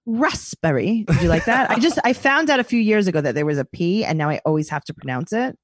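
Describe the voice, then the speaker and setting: Woman, New York accent, animated storyteller, lively pitch, dry close sound. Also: fast talker, no echo. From New York City. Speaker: podcast guest, comedian. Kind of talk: casual podcast chat.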